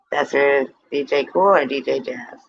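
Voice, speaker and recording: A woman's voice: rumbling low, vocal fry, slightly rough, highs cut off. A woman hosting a casual livestream, chatting with viewers in a playful, teasing way and swearing freely. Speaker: livestream host.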